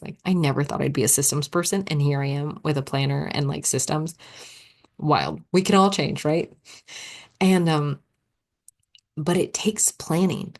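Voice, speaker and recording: A young woman with a low voice hosts a solo podcast as a coach. She talks in a loose, chatty way and keeps acting out her own thoughts as quoted asides. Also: moderate pace, long pauses.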